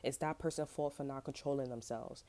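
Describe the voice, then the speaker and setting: A woman's voice: rumbling low, fairly even intonation, brisk, mellow. A woman giving a casual tarot reading to camera, talking in a slangy, profane, rambling way with many fillers and frequent laughs. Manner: laughs often. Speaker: tarot reader.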